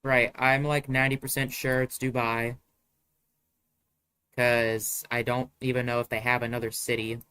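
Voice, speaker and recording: A man's voice: mid-range voice, little pitch movement, normal speed, pushed and bright, smooth, no room sound. Swearing, exasperated male game streamer. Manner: profane, exasperated rambling. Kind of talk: live gameplay commentary.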